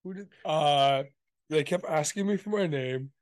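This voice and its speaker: Dude telling a funny story on a podcast, kinda high voice, dry sound no room. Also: male voice, a little slow, no echo. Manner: storytelling, joking, acts out dialogue. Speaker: podcast co-host. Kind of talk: casual chat.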